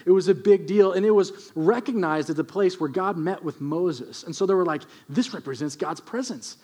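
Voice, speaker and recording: High-voiced male preacher telling stories. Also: moderate pace. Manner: animated, humorous storytelling. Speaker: pastor. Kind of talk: storytelling sermon.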